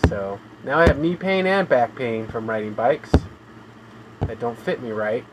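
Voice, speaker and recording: A man talking in a flat, weary monotone on a casual live stream from his home room, sounding tired and in pain as he complains. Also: mid-range voice, a little slow, noisy background. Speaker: gaming streamer.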